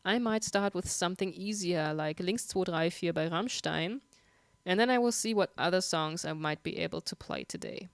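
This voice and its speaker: A woman's voice: fairly low pitch, animated, moderate pace, smooth, no room sound. German woman chatting while sick. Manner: chatty, laughs often, many ums. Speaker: livestream host and guitarist. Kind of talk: casual chat reading viewer questions.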